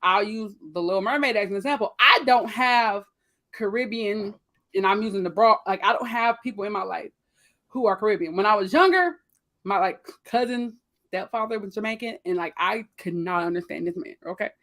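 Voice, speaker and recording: A woman with features chatting casually on a panel, acting out what people say in lively voices. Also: medium pitch, brisk. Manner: animated, quotes people in voices.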